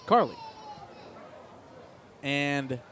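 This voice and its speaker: A man's voice: on the high side, very slow, a little hiss or hum. Baseball announcer man, slightly muffled broadcast. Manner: relaxed, anecdotal storytelling between lively play calls. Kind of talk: live baseball commentary mixed with personal storytelling. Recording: slightly muffled broadcast audio with faint ballpark ambience.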